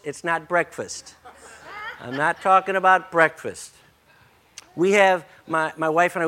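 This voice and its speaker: Older man, high-voiced preacher, folksy and jokey, a bit hoarse from a cold. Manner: folksy, joking, energetic. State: voice breaking, slightly hoarse. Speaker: pastor. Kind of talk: sermon.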